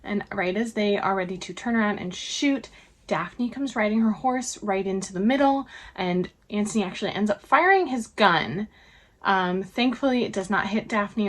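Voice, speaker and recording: Chatty young woman recapping a show. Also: medium pitch. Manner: chatty retelling with frequent "like". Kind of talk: casual TV episode recap.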